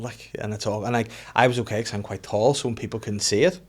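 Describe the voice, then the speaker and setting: A man's voice: lowish voice, little pitch movement, fairly quick. Chatty man hosting a podcast. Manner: chatty, jokey, lots of agreeing. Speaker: podcast host. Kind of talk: casual chat.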